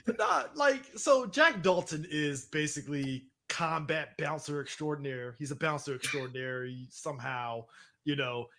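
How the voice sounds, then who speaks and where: Bright, wry podcast co-host man. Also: fairly high pitch, expressive, normal speed. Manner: wry, joking, curses casually. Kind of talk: casual podcast banter.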